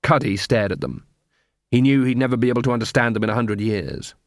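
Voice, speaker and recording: A man narrating an audiobook in a measured, steady storytelling manner on a close studio mic. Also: mid-range voice, dry recording. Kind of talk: scripted narration.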